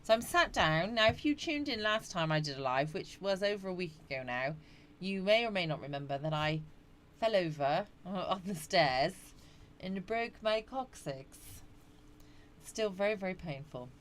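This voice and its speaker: Chatty woman, middle-aged, lowish voice, livestream host reading out comments, faint background hiss. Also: expressive, moderate pace, fairly bright tone. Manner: chatty, greets viewers by name, frequent yawns and laughs. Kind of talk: casual live chat reading out viewer comments.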